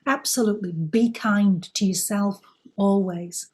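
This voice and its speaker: A woman's voice: medium pitch, a little slow, darkish tone. A woman co-hosting a spiritual chat, earnest and encouraging, who laughs easily. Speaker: spiritual teacher and co-host.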